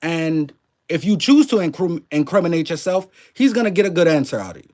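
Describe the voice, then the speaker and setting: A man's voice: on the high side, big pitch swings, fairly quick, darkish tone. A man with a mixed New Orleans and Canadian accent hosting a live stream, loose and chatty, swearing freely and greeting viewers by name. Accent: mix of New Orleans and Canadian. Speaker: livestream host. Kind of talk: casual live-stream commentary.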